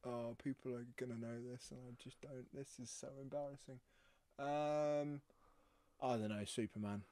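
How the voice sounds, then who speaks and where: A man's voice: medium pitch, fairly even intonation, moderate pace, dark tone, no room sound. A young man co-hosting a casual podcast, chatty and mocking himself. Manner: chatty, self-mocking, laughing often. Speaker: podcast co-host. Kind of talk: casual chat.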